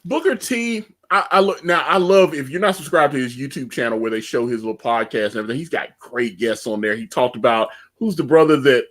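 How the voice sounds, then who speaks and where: A man co-hosting a casual wrestling podcast, telling animated stories. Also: medium pitch, fairly quick, hardly any pauses. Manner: animated storyteller who acts out quotes. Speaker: podcast co-host.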